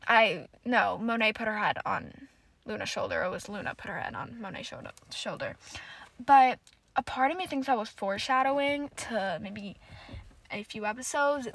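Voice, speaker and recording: A woman's voice: fairly high pitch, fairly bright tone. A woman hosting a solo podcast, gushing emotionally and swearing often as she recaps a TV episode. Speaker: podcast host.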